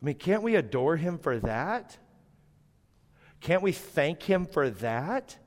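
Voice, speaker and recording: A man's voice: a little high, big pitch swings, takes it slowly, big-room sound. A man pastor delivering a sermon in a church, emphatic and building phrases in repeated lists.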